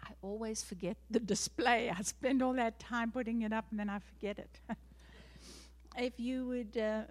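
A middle-aged South African woman addresses a church congregation as a missionary. Her voice sits a little high for a woman, and she talks with earnest gratitude, breaking into light laughs. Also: fairly even intonation, normal speed, a little mellow. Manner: earnest, grateful, laughs often. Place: church sanctuary.

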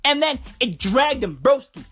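Animated, profane woman ranting for laughs. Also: high voice, unhurried, slightly rough, soft background music. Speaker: comedy vlogger. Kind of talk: comic rant.

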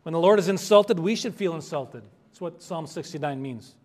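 Earnest higher-voiced male pastor. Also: moderate pace, darkish tone. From United States. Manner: earnest, conversational preaching with rising emphasis. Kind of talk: expository sermon.

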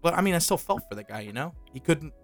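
A man's voice: a little high, sing-song, quick pace, soft background music. Casual swearing young man telling a story. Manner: loose storytelling with frequent profanity. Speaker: podcast co-host. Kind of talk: casual chat.

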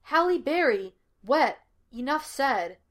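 Flippant young male sleuth, teasing and glib; woman reader plays him, fairly high voice. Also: sing-song, takes it slowly, fairly bright tone, full character voice. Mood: joking. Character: cocky young male fake psychic, wisecracking.

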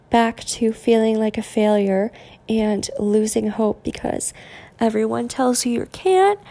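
A young woman hosting a podcast, giving a casual motivational monologue in a deadpan, monotone way. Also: a little high, creaky. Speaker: podcast host.

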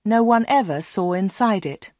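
A woman narrating a storybook slowly and clearly for learners. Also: medium pitch, lively intonation, a little mellow, dry recording, studio quality. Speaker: audiobook reader.

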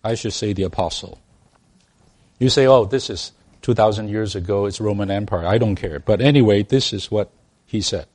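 A man's voice: lowish voice, normal speed, darkish tone. A man preaching a sermon to a congregation, emphatic, often restarting his words and asking them rhetorical questions. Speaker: pastor.

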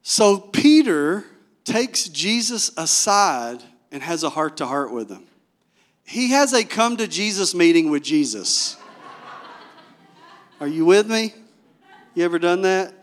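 A man's voice: high-pitched, very animated, takes it slowly, long pauses. A male pastor preaching a sermon, telling the story with animation and asking the congregation direct questions.

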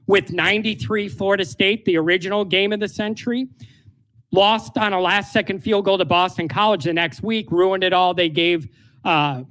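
A man's voice: high voice, a bit bright. A man co-hosting a casual sports podcast, talking in an emphatic, opinionated way.

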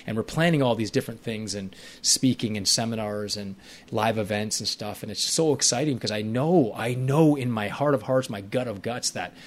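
A man's voice: lowish voice, normal speed. A man hosting a podcast as a life coach, talking in an earnest, heartfelt, spiritual way that rambles at times. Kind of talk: casual podcast talk.

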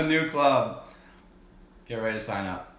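A man's voice: medium pitch, lively intonation, slow pace, pushed and bright. Goofy young man in a roomy space. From New Jersey. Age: young adult. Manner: laid-back surfer slang, goofy. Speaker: podcast co-host. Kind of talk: casual chat.

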